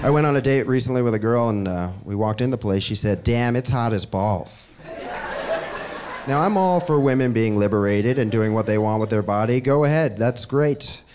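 Fast-talking man doing stand-up. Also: medium pitch, crowd noise. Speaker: stand-up comedian. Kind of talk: stand-up comedy. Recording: live club with audience noise.

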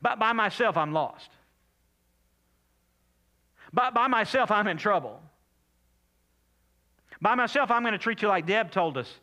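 An older man preaches a sermon with a bright, clear edge to his voice, pitched a little high for a man. He reads scripture aloud and repeats words for emphasis. He swings between loud, high emphasis and soft, hushed asides. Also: lively intonation, unhurried, pauses often. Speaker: pastor.

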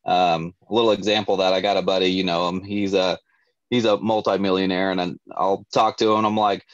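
Lower voiced guy rambling along casually, lots of ums and you knows, dull dry sound. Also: level tone, a little fast, no room sound. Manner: rambling, many fillers like "you know" and "um". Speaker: guest on a sales training show. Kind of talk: casual chat.

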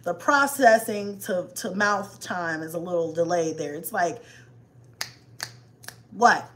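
A woman chatting casually with live viewers about raising kids, animated and slangy, cursing and laughing often. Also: lowish voice, normal speed.

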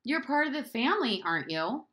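A woman's voice: high-pitched, very animated, fairly quick, a bit bright, pitched above the performer's own voice. A woman voicing an indignant nine-year-old boy who whines and insists on answers. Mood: pleading. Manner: whiny, insistent questioning.

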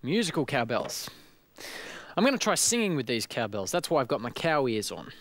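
A man's voice: medium pitch, very animated, moderate pace, background noise. An Australian man presenting a children's show, playfully mooing and singing along with cowbells.

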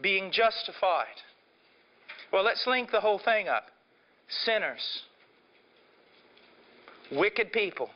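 A middle-aged man preaching a sermon with passion, dropping to a hush and then rising to a shout. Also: sits high, animated, slow, long pauses. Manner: impassioned, swinging from hushed to shouting. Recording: dull lo-fi sermon recording.

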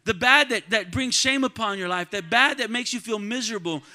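A man preaching in a church with a high voice. He calls out to the congregation and swings from quiet, close talk to ringing shouts. His tone is bright and cutting. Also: brisk. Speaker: pastor. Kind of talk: sermon. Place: church sanctuary.

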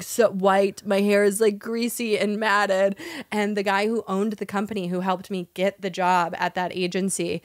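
A woman's voice: mid-range voice, no echo, studio quality. A woman co-hosting a podcast, telling a candid story in casual chat, laughing often and quoting herself. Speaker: podcast co-host.

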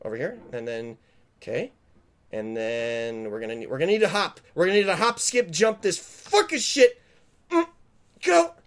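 A man playing a video game and commenting, panicky and swearing, pleading with the game and yelling when he fails. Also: a little high, animated, moderate pace. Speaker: gamer. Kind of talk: let's play commentary.

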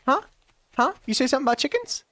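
A man's voice: extremely high pitch, sing-song, fast talker, pushed and bright, dry recording. A man giving loose let's-play commentary, trash-talking and cursing at the characters in a video game. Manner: brash profane trash talk at game characters. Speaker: gaming YouTuber.

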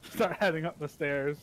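A man's voice: on the high side, a bit bright, a little hiss or hum. A man playing a tabletop game, joking around playfully and laughing often. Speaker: player. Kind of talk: casual tabletop play.

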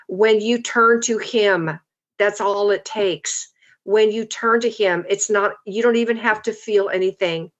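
A woman of middle pitch delivers an earnest, reflective sermon and reads scripture in slow, deliberate phrases. The recording sounds a little dull and lo-fi. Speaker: guest speaker. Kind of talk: preaching and scripture reading. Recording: slightly dull lo-fi audio.

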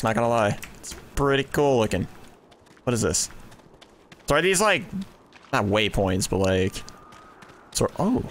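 A young man giving excitable let's play commentary, thinking aloud and exclaiming as he plays at home on a desk mic. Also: mid-range voice, a little hiss or hum. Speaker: gaming YouTuber.

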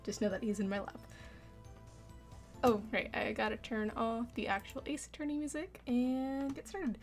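A woman's voice: fairly high pitch, moderate pace, soft background music. A young adult woman chatting casually as a streamer, giggly and reactive while she plays. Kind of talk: casual gameplay commentary.

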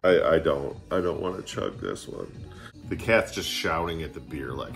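A man's voice: sits low, brisk, soft background music. Chatty tipsy man reviewing beers at home. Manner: chatty, joking, getting tipsy and slurring. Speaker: beer vlogger. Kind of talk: casual beer tasting vlog. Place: home living room.

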